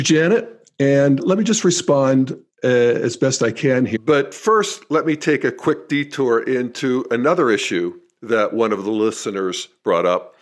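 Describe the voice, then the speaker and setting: A man hosting his own podcast, talking through listener comments in a thoughtful, measured way with pauses. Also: mid-range voice. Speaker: podcast host. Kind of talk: reflective solo podcast monologue.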